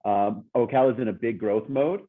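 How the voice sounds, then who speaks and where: A man's voice: lowish voice, brisk. A man who co-owns a business, answering interview questions in an upbeat, emphatic way. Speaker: coworking space co-owner. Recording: tinny phone-like line.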